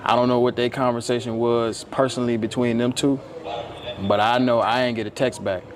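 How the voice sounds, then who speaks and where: A man's voice: mid-range voice, flat delivery, brisk, a crowd in the background. A young man live-streaming outdoors in a city, joking and trash-talking in casual slang. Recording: outdoor street noise with traffic.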